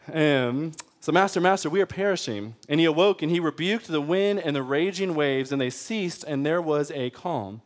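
A young man preaching a sermon, energetic, with joking asides and frequent check-ins with the congregation. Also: on the high side. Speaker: pastor.

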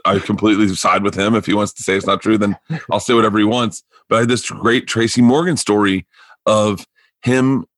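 A man's voice: fairly low pitch, a little fast, no room sound. A man, a comedian guest, telling stories in casual talk, tripping over restarts and acting out the people he quotes. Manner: animated, stammering restarts, acts out quoted people. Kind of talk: casual storytelling.

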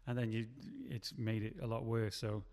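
A man's voice: fairly low pitch, flat delivery, normal speed, a little mellow, in a large hall. A man who writes and produces films, talking in a loose, rambling way and often stopping to correct himself. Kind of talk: casual chat.

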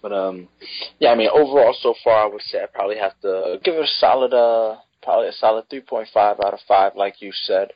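A man's voice: fairly low pitch, fairly quick, no echo. A man co-hosting a podcast, giving a hesitant casual album review full of ums. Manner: hesitant, lots of ums, lists tracks. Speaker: podcast co-host. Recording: dry, dull lo-fi audio.

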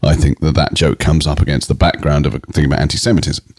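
A man's voice: very deep voice, flat delivery, quick pace, a little mellow, no room sound, studio quality. A middle-aged British man, a comedian, telling stories in a rambling way with frequent restarts. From Britain. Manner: rambling, self-interrupting storyteller with frequent restarts. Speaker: comedian guest. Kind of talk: casual interview chat.

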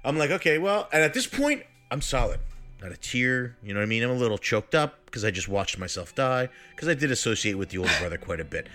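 Man, casual storyteller, bright forceful voice, animated and profane. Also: mid-range voice, fast. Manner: animated, swears, laughs through his story. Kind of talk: casual storytelling among friends.

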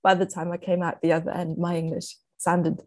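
A woman's voice: lowish voice, little pitch movement, a little fast, darkish tone, no room sound. Chatty young woman, English. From Austria. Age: young adult. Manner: chatty storyteller, laughs often. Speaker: actor guest. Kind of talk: casual interview chat.

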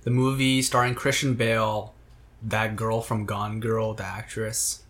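A man's voice: on the low side, little pitch movement, a little slow, fairly bright tone. A young man co-hosting a podcast, chatting casually, rambling and restarting words as he jokes. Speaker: podcast co-host. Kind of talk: casual chat.

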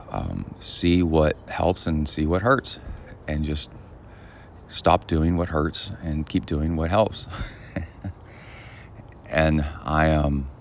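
A man hosting his own podcast in casual solo chat outdoors by a pool, rambling and halting with lots of fillers. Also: a bass voice, slight background noise. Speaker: podcast host.

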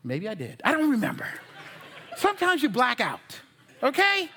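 A male pastor preaching with a high, lively voice that leaps up and down. His tone is bright and sharp, and he talks to the congregation in a folksy, joking way, sometimes sinking to a near whisper to make a point. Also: normal speed, slight background noise. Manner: animated, folksy preaching with jokes and asides to the congregation. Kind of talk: sermon.

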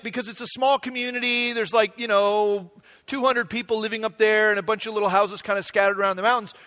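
High voiced guy preaching at church, chatty, keeps asking the room "right?". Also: sharp tone. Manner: conversational, asks the room "right?". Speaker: pastor. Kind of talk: sermon with personal story.

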